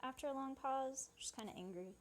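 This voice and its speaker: A woman's voice: high-pitched, brisk. A woman casually translating and retelling a game scene in a chatty, loose way.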